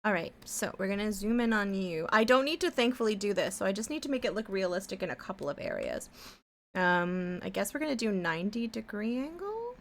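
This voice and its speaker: Woman streamer, mid-pitched, talkative and rambling, casual and a bit salty, hums while drawing. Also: sing-song, brisk. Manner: rambling, chatty, swears casually, hums to herself. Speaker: live-stream artist.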